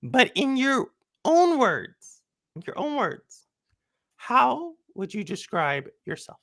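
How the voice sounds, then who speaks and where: A woman hosting a casual interview, teasing and expressive, laughing along with her guest. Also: on the high side, slow. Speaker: host.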